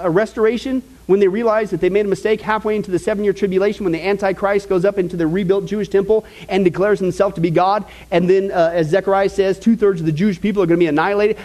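A man preaching a Bible-teaching sermon as a pastor. He asks the congregation questions and keeps checking in with them. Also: poor audio. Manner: asks the audience rhetorical questions and checks in with "okay?"; animated, with sudden jumps in pitch for emphasis.

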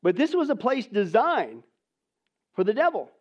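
Delivering a sermon, this man alternates between almost whispering and booming with emphasis, often asking the congregation rhetorical questions. He has a high, sing-song voice at a moderate pace, captured on a dull lo-fi recording.

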